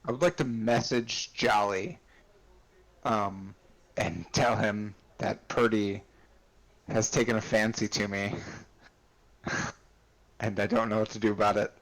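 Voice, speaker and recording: Casting: male tabletop player, slow deliberate pace, dry jokes. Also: fairly low pitch, fairly even intonation, fairly bright tone, rough recording. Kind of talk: casual tabletop play.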